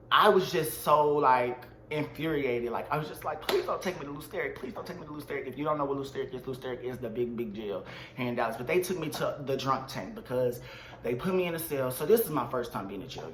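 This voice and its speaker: Man, storytime vlogger, bright forceful voice, dramatic slangy delivery, roomy echo, faint ambience. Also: medium pitch, expressive, brisk, slight background noise. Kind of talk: storytime vlog.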